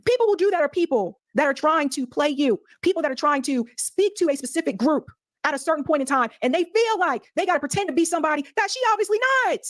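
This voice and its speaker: Woman commentator firing off mocking questions quick and high, dry close sound. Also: lively intonation, no room sound. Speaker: political commentator. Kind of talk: commentary on a clip.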